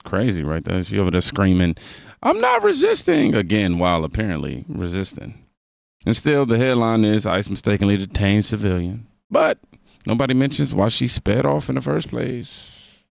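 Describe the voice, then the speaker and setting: A man's voice: lowish voice, moderate pace, vocal fry, no room sound, studio quality. A man hosting a reaction video, delivering sarcastic, mocking commentary on news clips.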